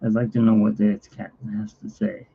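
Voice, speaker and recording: A man vlogging casually at home, rambling to the camera and talking softly to his cat. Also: level tone, normal speed, a little hiss or hum. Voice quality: gravelly, husky. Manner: rambling, talks to his cat, often drops to a low, quiet voice. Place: home, indoors. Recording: dull lo-fi home recording.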